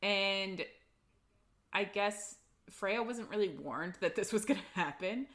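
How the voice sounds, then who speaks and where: A woman's voice: mid-range voice, lively intonation, slow, a bit bright. A woman co-hosting a casual book-club podcast, retelling the plot loosely, with lots of "like" and the odd swear. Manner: chatty recap with lots of "like" and swearing. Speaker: podcast co-host.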